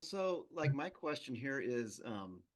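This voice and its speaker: A man's voice: medium pitch, very animated, takes it slowly. A man in a casual group talk, asking questions hesitantly with many fillers. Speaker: podcast co-host.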